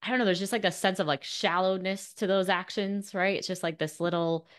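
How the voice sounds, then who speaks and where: A woman's voice: medium pitch, steady tone, fairly quick, fairly bright tone, clear, resonant tone. A woman hosting a podcast interview, affirming her guest and thinking aloud as she responds. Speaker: podcast host. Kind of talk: interview chat.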